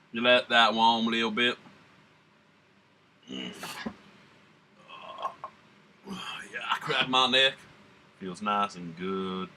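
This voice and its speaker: A man's voice: on the low side, lively intonation, very slow, long pauses, sharp tone, a little hiss or hum. A man from the United States hosting a casual beer-tasting vlog in a put-on American Southern drawl, rambling and laid-back with slang. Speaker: beer reviewer.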